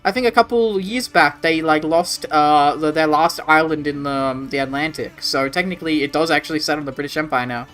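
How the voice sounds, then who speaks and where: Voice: medium pitch, brisk, hardly any pauses, a bit bright. Rambling Australian game streamer. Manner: rambling, casual swearing, answers chat. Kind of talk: casual live-stream chat.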